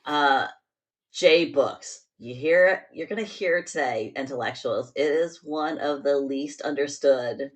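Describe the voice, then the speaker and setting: A woman's voice: low voice, slow. A woman hosting a podcast, talking bluntly and with exasperated asides in casual chat. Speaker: podcast host.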